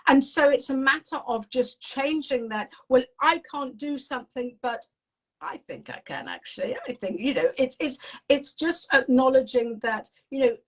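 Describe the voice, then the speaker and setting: A middle-aged woman, a parenting coach talking in an interview in a lively, rambling way with frequent restarts. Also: high voice, normal speed, low-quality recording. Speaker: parenting and teen coach, guest. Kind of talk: conversational interview.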